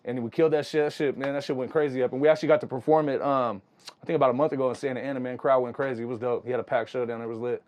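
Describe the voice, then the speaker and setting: A young man, a music producer, telling stories in a casual, slangy, animated way. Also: medium pitch, racing. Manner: animated, slangy, full of "you know what I'm saying". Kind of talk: casual storytelling.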